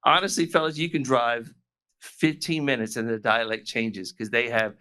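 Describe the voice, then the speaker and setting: An American man from South Florida chats as a podcast guest. His voice is bright and forward. He talks in loose, rambling stretches full of fillers and restarts. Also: medium pitch, fairly even intonation, normal speed, smooth. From South Florida, USA. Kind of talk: casual chat. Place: remote call from the UK.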